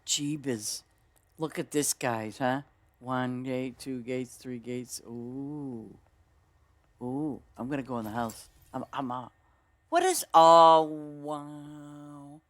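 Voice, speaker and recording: Female gaming streamer, easygoing unhurried delivery, excitable exclamations, chats to her viewers while she plays. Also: a bass voice, dry recording. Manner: excitable, chatty, exclaims often and talks to viewers. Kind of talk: casual gameplay commentary.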